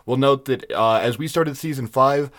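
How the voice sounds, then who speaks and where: A man's voice: mid-range voice, moderate pace, fairly bright tone. An easygoing man co-hosting a casual podcast, talking in a folksy way. His speech sounds slightly odd after dental work. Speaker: podcast co-host.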